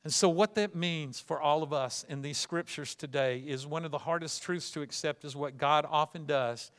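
Guy preaching a sermon, kinda high voice, gets loud n excited then drops way down quiet, keeps repeating words. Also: moderate pace. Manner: repetitive restarts, swings from loud fervent to hushed. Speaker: pastor.

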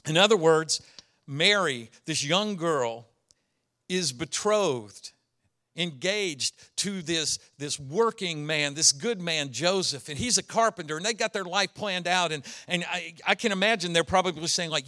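A male pastor preaching a sermon, retelling a story and acting out its characters in quick asides. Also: fairly high pitch, sharp tone.

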